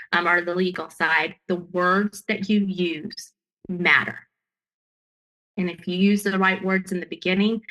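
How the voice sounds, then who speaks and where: A woman with a bright, forceful voice recounts her own experience. She speaks earnestly and emphatically and often breaks off and restarts her sentences. Her pitch sits in a middle range for a woman. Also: rough recording. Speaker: guest sharing her story. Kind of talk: personal storytelling.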